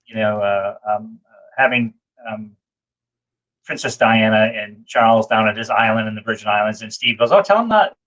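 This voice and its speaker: Bright-voiced man rambling through a story. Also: on the low side, level tone, normal speed, poor audio. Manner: rambling, many fillers and restarts, self-deprecating. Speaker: guest. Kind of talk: casual chat.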